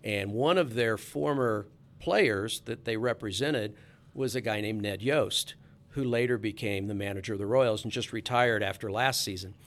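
A man's voice: on the low side, normal speed, a bit bright. A man, a sports reporter, telling a casual anecdote in a chatty, easygoing way with frequent restarts.

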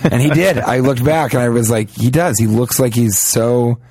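A man's voice: medium pitch, normal speed, a little mellow, slightly rough, no echo. Comic podcast co-host, male, rambling storyteller with mocking asides, dry close sound. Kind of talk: casual comedic banter.

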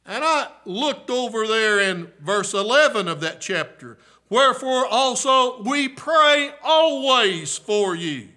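Male revival preacher, very high voice, unhurried delivery, shouts and hushes. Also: expressive. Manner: swings from shouting to hushed, repeats "listen, friend"; old-fashioned revival preaching cadence. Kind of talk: sermon.

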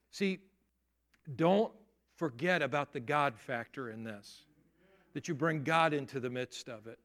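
A man's voice: mid-range voice, a little slow, long pauses, a bit bright. A middle-aged man preaching a sermon as pastor, earnest and emphatic, acting out what people might say. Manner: earnest, emphatic preaching with rising intensity and acted-out quotes.

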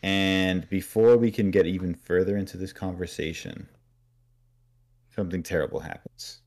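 A man's voice: sits low, fairly even intonation, vocal fry, a little mellow. A man co-hosting a podcast, casually recapping a story and briefly acting out characters' lines. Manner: acts out characters' lines in quick put-on voices. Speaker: podcast co-host.

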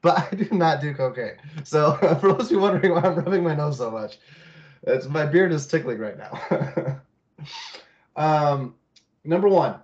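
A man hosting a casual sports podcast, rambling with lots of fillers and quick laughs. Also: on the high side. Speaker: podcast host. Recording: slightly muffled mic.

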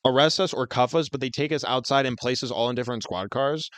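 A man's voice: mid-range voice, fast, a bit bright, clean tone, dry recording, studio quality. A man co-hosting a podcast, telling a long story in casual chat with lots of fillers and swearing. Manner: rambling, heavy on fillers and swearing. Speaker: podcast co-host.

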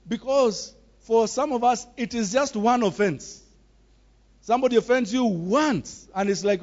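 High-voiced preacher, emphatic. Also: male voice, a little slow, a little mellow, lo-fi sound. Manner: emphatic, repetitive, acts out voices in quotes. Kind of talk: sermon.

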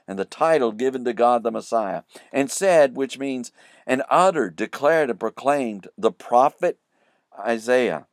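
Gravelly-voiced man teaching a Bible study. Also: mid-range voice, dry recording, clean studio sound. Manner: prays and reads scripture, defining each word in turn.

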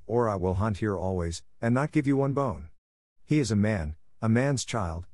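A man's voice: lowish voice, darkish tone, dry recording, clean studio sound. A man reading aloud, voicing a hateful, domineering male tiger who drags out his words. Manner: slow, drawn-out speech. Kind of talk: audiobook reading.

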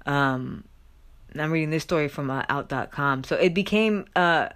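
A woman talks through a news story in a loose, chatty vlog style, with plenty of fillers and asides. Her voice sits a little low for a woman, and she swings up loudly when she reads out quotes. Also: normal speed. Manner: chatty, filler-heavy, loud animated quotes and laughter. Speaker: commentary vlogger. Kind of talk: casual news commentary, reading stories aloud.

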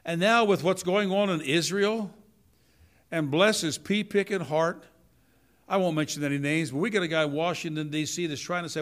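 An older man delivering a church sermon with a somewhat high voice. He preaches in a folksy, animated manner, swinging from quiet asides to loud declarations. He often turns straight to the congregation. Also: normal speed.

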